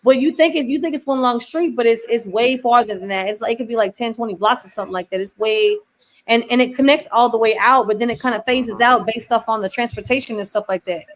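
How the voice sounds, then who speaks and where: A woman's voice: a little high, fast. A woman from Buffalo hosting a casual chat, with a mixed Southern and New York accent, rambling loosely with lots of "you know what I mean.". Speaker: host.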